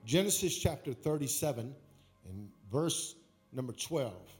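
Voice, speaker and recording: A man preaches a sermon in a church, his voice sitting fairly high. He is emotional and keeps calling on the congregation to repeat words after him. Soft music plays quietly behind him. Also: normal speed. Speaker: pastor. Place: church sanctuary.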